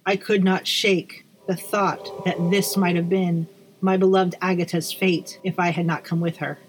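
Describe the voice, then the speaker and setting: Woman narrator, lowish voice, measured dramatic reading, faint background hiss. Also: level tone. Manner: measured, slowing on dramatic lines. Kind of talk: dramatic first-person story reading.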